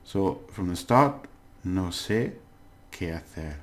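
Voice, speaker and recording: A man walks through a language lesson in a relaxed, chatty way. His voice sits low and he takes his time, often stopping to fix his own slips with a laugh. It sounds like a casual home-made class. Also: a little slow, hardly any pauses. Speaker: language teacher.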